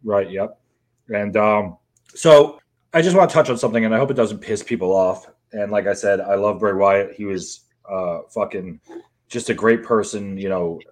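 A man's voice: lowish voice, normal speed. A man co-hosting a podcast, talking in a rambling, emotional way and swearing freely. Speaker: podcast co-host. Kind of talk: casual podcast chat.

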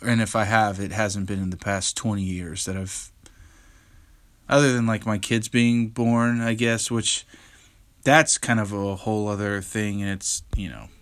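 A lowish, steady, slightly bright voice belongs to a young man hosting his own podcast, speaking without hurry. He's tired and yawns while chatting candidly about his week, rambling with many fillers and restarts.

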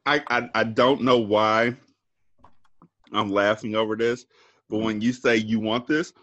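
A man's voice: fairly low pitch, steady tone, a little slow, a bit bright, dull audio. A man co-hosting a podcast, giggling and joking animatedly in casual chat. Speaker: podcast co-host.

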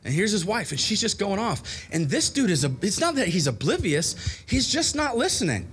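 A man preaching a sermon on marriage, animated, acting out quoted arguments between spouses. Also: sits high, normal speed, slight background noise. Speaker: pastor.

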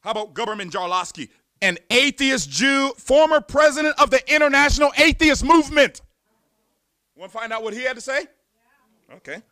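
High, lively-voiced preacher man. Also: normal speed, dry recording. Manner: emphatic, with repeated words and rhetorical questions. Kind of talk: sermon.

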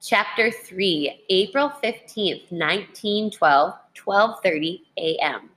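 A woman teacher reading a children's history book aloud in a clear, measured way. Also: mid-range voice, lively intonation, a bit bright.

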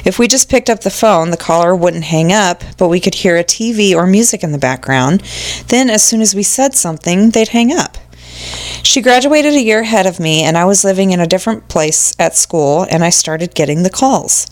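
A woman's voice: on the low side, moderate pace. Woman reading spooky listener stories. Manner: animated, reacts with exclamations and swearing. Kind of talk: casual podcast chat.

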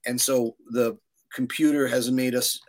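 A man's voice: medium pitch, fairly even intonation, measured pace. A man in his sixties, a puppeteer, telling stories in a rambling way with many fillers and restarts. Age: 60s. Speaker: puppeteer guest. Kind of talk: conversational interview.

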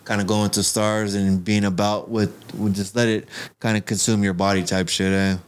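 A young man with a somewhat low voice tells stories in a relaxed, unhurried way. His talk is loose and full of slang and profanity, like a casual podcast chat among friends. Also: clear, resonant tone. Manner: laid-back, heavy profanity and slang.

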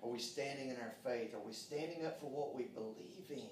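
A man's voice: medium pitch, fairly quick, darkish tone, slight background noise. A man preaching a sermon in a folksy, fervent way, with frequent amens. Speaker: pastor. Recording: roomy echo, distant from mic.

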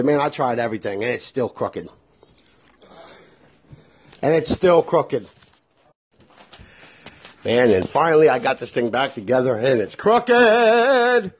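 Animated husky-voiced man ranting. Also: medium pitch. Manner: animated, swearing, exasperated. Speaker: vlogger. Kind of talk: casual storytelling rant.

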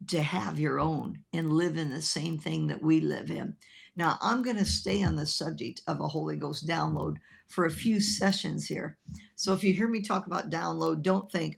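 A woman evangelist preaching a broadcast sermon, telling a story with animated quoted voices. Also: deep voice, creaky, husky. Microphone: filmed by an assistant.

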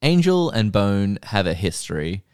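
A man's voice: fairly low pitch, sing-song, moderate pace, a little mellow, clean tone, no echo, studio quality. A man co-hosting a casual comedy podcast, rambling and laughing as he riffs. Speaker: podcast co-host.

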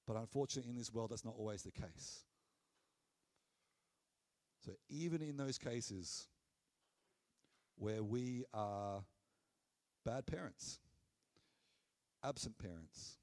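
A man preaching a sermon in an earnest, conversational way, dropping low and soft on key phrases. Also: takes it slowly, long pauses.

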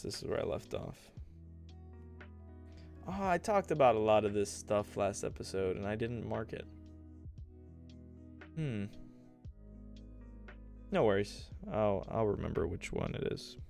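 A man's voice: lowish voice, animated, measured pace, creaky, long pauses, a little mellow, soft background music. A young man hosting his own podcast, chatting casually and rambling through stories with frequent laughs and self-deprecating asides. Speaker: podcast host and streamer. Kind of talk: casual solo podcast chat.

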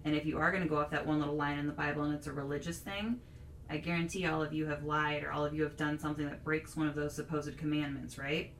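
A woman's voice: low-pitched, little pitch movement, quick pace. A woman hosting a casual chat, giving her opinions and thinking aloud, padding her points with lots of "you know"s. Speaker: podcast host. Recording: echoey room, distant mic, faint hiss.

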